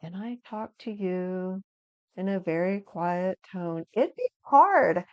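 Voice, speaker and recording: A woman presenting a video lesson on understanding emotions, with an energetic, inviting teaching tone. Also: fairly low pitch, slow pace, no echo, dull audio. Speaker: resilience educator.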